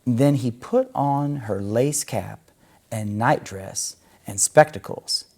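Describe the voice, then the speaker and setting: A man reading a children's story aloud in a gentle, expressive storytelling way. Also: mid-range voice, takes it slowly, vocal fry.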